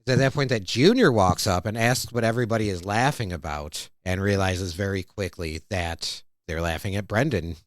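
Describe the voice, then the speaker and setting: A man's voice: deep voice, normal speed, few pauses, no room sound. A man hosting a podcast, casually recapping a cartoon episode and acting out the lines. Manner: retells scenes, acting out quoted lines. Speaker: podcast host. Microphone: studio mic.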